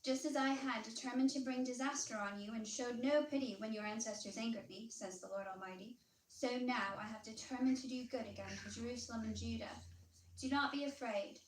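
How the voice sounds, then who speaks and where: A woman with a Southern American accent reads scripture in a measured, formal way. Her fairly high voice comes from a distance and echoes through a church room, over a faint hiss. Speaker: scripture reader. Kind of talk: reading scripture aloud.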